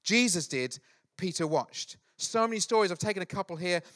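A middle-aged man preaching a sermon, telling Bible stories in an animated, joking way with quick acted asides. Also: sits high. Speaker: pastor.

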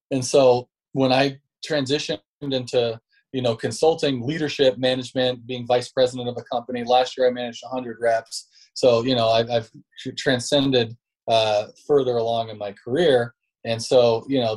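A man's voice: mid-range voice, darkish tone. A man guesting on a podcast as a sales leader, telling stories in a loose, slangy way. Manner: laid-back, slangy, says bro and dude. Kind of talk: casual storytelling interview talk.

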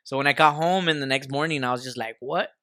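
A man's voice: mid-range voice, quick pace, bright, forceful tone, dry recording. A man co-hosting a podcast in a studio, telling stories in a rowdy, profane, slang-heavy casual chat. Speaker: podcast co-host.

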